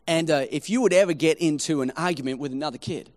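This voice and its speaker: A man preaching a sermon, telling a story in an animated, humorous, conversational way. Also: on the high side, quick pace.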